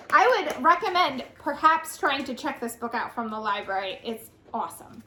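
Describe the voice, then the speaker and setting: A young adult woman, a children's librarian, reading a picture book aloud and leading lap-bounce songs in a sing-song, animated storytime voice. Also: sits high, normal speed, hardly any pauses. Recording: echoey room with faint noise.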